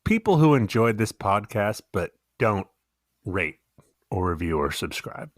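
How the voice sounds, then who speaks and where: A man's voice: lowish voice, very animated, measured pace, no echo, studio quality. A man co-hosting a podcast in casual chat, joking around and laughing often. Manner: chatty, jokey, laughs often. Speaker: podcast co-host.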